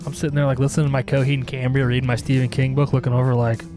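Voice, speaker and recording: A man's voice: mid-range voice, very fast, over music. A man hosting a casual chat, joking around and asking his co-hosts questions. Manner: lively, joking, asks questions. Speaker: podcast host.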